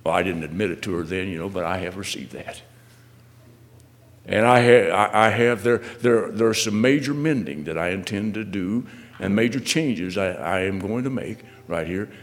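Guy preaching a sermon, voice jumps all over, loud questions then hushed asides, keeps repeating words. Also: low voice, animated, normal speed, in a large hall. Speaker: minister.

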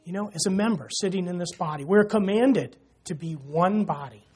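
A man's voice: high voice, normal speed, a little mellow. A man preaching a sermon in church, talking casually and joking with the congregation. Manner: conversational, jokes with the congregation, frequent "you know".

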